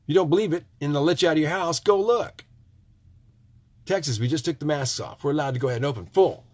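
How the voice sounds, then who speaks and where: Husky nasal man with a Michigan accent. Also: very fast, no echo. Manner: emphatic and preachy, swinging from loud outbursts to low, hushed asides. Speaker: tiny house builder. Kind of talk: ranting monologue to viewers.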